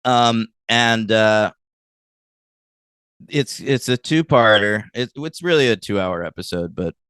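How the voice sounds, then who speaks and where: A man co-hosting a podcast, talking casually in a hesitant, halting way. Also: lowish voice, a bit bright, smooth, no echo, clean studio sound. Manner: hesitant, halting with fillers and restarts. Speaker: podcast co-host. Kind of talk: casual chat.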